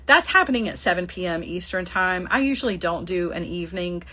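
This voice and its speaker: A woman's voice: fairly low pitch, animated, a little fast, sharp tone. A middle-aged woman with a Southern accent hosting a live shopping stream, chatting casually, laughing often and reading out viewer comments. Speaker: livestream host. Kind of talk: casual livestream chat.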